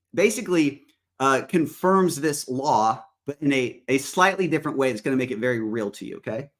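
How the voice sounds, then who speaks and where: A man's voice: on the high side, fairly bright tone. Conversational man teaching a Bible study. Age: adult parent. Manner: conversational, with personal stories and scripture readings.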